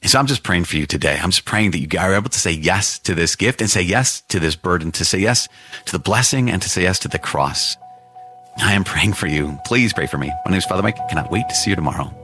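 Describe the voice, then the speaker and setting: A man's voice: low-pitched, animated, quick pace, sharp tone, soft background music. A man, a priest hosting a devotional podcast, who teaches earnestly and repeats phrases for emphasis.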